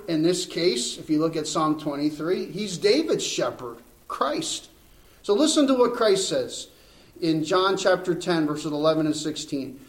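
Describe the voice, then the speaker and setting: A man preaching a sermon as a pastor, earnest and emphatic, slowing down and repeating key phrases. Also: high voice, poor audio.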